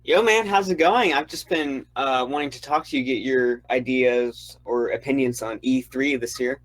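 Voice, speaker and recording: A man's voice: mid-range voice, normal speed, dry recording, rough recording. Guy calling in asking questions, mid voice, kinda unsure, dry sound. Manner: casual, curious, hesitant. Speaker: caller.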